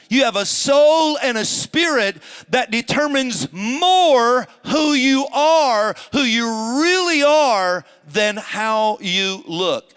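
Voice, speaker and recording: A man's voice: sits high, pushed and bright, smooth. A man pastor preaching a sermon to a live congregation in church, emphatic, drawing out key words and asking the congregation questions.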